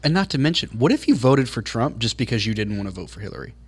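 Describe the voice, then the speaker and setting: A man's voice: medium pitch, sing-song, fast talker, breathy edge. A man co-hosting a podcast, chiming in with casual, dry remarks. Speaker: podcast producer and co-host. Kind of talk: casual chat.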